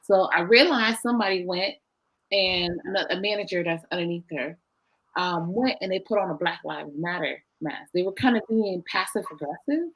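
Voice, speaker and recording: A young adult woman telling a story as an interview guest, animated and playing out her own quoted lines over a video call. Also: fairly low pitch, moderate pace, slightly rough, rough recording.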